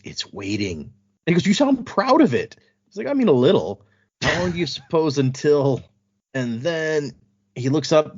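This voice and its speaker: A man chats casually on a podcast, retelling a story in loose paraphrase with easy laughs and a swear here and there. His voice sits at an ordinary pitch, close to the mic. The sound is dry and a bit dull and lo-fi. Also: no echo. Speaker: podcast co-host recapping book chapters. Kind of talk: casual chat. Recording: dull, slightly lo-fi podcast audio.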